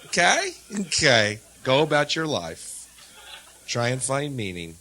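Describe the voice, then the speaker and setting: Man, stand-up comic, from the US, sardonic, very animated pitch, bright edge, live stage mic. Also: slow pace. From United States. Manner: sardonic, swinging from low mutters to loud jabs. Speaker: stand-up comedian. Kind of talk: stand-up comedy set.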